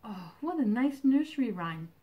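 Animated woman reading to toddlers. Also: fairly high pitch, slow, highs cut off. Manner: animated sing-song, exclamations and animal sounds. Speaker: children's librarian. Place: home.

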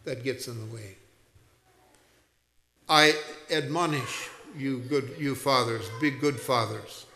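A man's voice: mid-range voice, takes it slowly, pauses often, pushed and bright, slight background noise. A male pastor preaching a sermon, emphatic and teacherly, rising to passionate raised peaks as he explains scripture to his congregation. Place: church sanctuary. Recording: echoey church sanctuary, long reverb.

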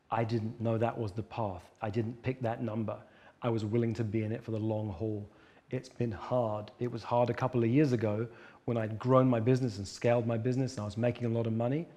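A man talks as a coach in an interview, earnest and emphatic, driving his points home. His voice is mellow and warm. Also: mid-range voice. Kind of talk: conversational interview.

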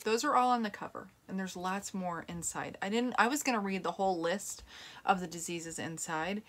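A middle-aged woman hosts her own plant-based health show, chatting casually and earnestly to camera and to podcast listeners. She rambles with fillers and restarts, in a mid-range voice at normal speed.

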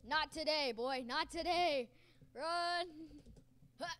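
Woman, gaming host, high voice, wildly swooping pitch, bright edge, loud raging commentary. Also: slow. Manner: yelling, raging and cheering at the game. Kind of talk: excited gameplay commentary.

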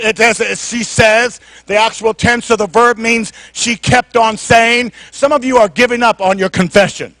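A middle-aged man preaching a sermon in church, with call-and-response that swings from soft talk to shouting. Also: extremely high pitch, no room sound. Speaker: pastor.

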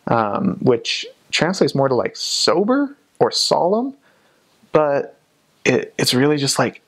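A young man and former missionary in casual interview talk, chatty, with frequent ums and restarts. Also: medium pitch.

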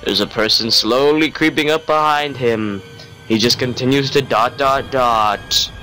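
A man's voice: medium pitch, a little slow, sharp tone, soft background music. A young man giving sarcastic let's play commentary on a horror game. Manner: wry, sarcastic narration of the action. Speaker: gamer playing a horror game.

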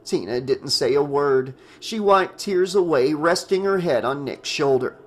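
A man reading a horror novel aloud as an audiobook, in a steady storytelling manner. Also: a little high, measured pace. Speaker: audiobook narrator.

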